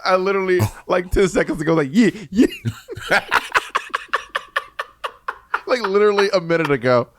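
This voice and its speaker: Lively, animated man chatting. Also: sits high, very fast, hardly any pauses. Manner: animated, laughing, playful teasing. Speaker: podcast co-host. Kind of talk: casual chat.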